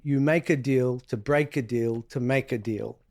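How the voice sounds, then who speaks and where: Man, interview guest, blunt, swears freely, acts out dialogue, keeps saying "right?", middle pitch. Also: moderate pace, darkish tone. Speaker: guest, private investigator. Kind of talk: casual storytelling interview.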